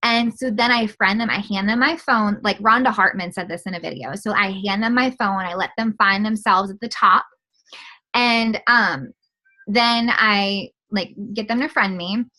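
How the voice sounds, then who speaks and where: A woman's voice: mid-range voice, moderate pace, bright, forceful tone. A woman guest on a video call, chatting casually and acting out little quoted conversations with lots of fillers. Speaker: guest, direct sales distributor.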